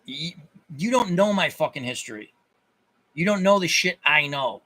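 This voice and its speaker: A man's voice: a little high, animated, moderate pace, pushed and bright. A man ranting to his viewers in an angry, profane monologue, often repeating himself and restarting his sentences. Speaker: channel host.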